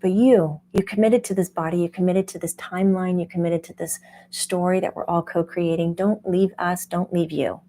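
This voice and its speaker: A woman who hosts a spiritual channel as a medium, teaching casually in an animated way and laughing often. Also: on the low side, normal speed, a little hiss or hum. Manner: animated, laughs often, acts out quoted voices.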